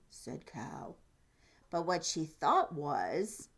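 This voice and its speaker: Unhurried woman reading a picture book aloud. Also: low voice, sing-song, vocal fry, breathy edge. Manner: unhurried, asks the listener questions about the pictures. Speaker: storytime reader.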